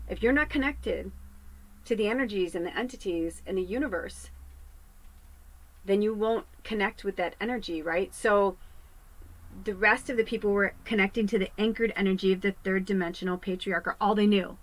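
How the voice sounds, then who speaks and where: A woman's voice: medium pitch, normal speed, a bit bright, rough recording. Rambling, chatty woman medium. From US West Coast. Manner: rambling, chatty, swears freely. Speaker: psychic medium. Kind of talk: casual spiritual monologue. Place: home podcast set.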